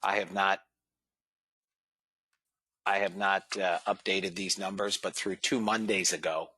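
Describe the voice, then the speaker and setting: A man's voice: low-pitched, fairly even intonation, a little slow, bright, forceful tone, no room sound. A man hosting a live trading room, talking casually to viewers and reading out trade numbers. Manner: casual, talks to viewers as guys and fellas, reads out numbers.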